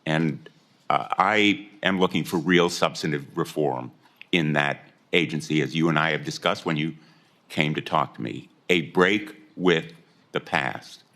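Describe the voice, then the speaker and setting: An older man with an extremely deep voice questions a nominee at a formal hearing. He speaks in a measured, deliberate way and makes pointed charges. He is heard through a desk microphone in a hearing room. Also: a bit bright.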